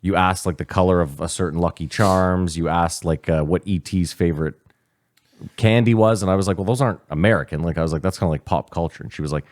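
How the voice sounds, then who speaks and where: Brief: low, quick male podcast co-host, animated storyteller, dry mic. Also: dry recording. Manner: swearing, animated retelling with quoted dialogue. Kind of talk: casual chat, storytelling.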